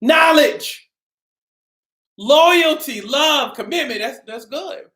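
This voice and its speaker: A woman hosting a casual live stream, upbeat and greeting her viewers by name, sometimes calling out loudly. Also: high voice, expressive, slow. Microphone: camera mic. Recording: roomy echo.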